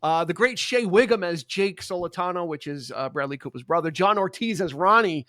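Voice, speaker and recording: A man hosts a casual podcast chat with a notably high voice. His delivery is laid-back and chuckling, and the sound is close and dry. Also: animated, a little fast, sharp tone, dry recording. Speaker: podcast host.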